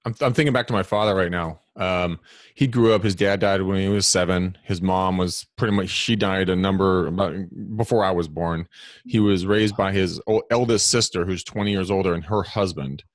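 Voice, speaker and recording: A man co-hosts a podcast in a very low voice, recorded close and dry. He talks in a loose, anecdotal way, dropping in dry sarcasm as he goes. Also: fairly even intonation, moderate pace, dry recording. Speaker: podcast co-host. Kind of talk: podcast interview.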